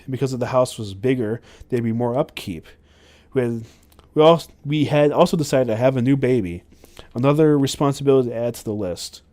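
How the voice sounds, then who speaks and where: A man's voice: medium pitch, darkish tone. A man hosting a podcast, reading a memoir aloud with frequent stumbles and self-corrections. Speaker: podcast host.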